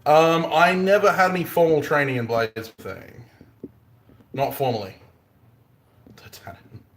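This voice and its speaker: A man's voice: on the high side, lively intonation, unhurried, slight background noise. A man with an Australian accent, a bladesmith chatting casually on a live stream, joking and punning and laughing often. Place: workshop forge. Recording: roomy echoey workshop.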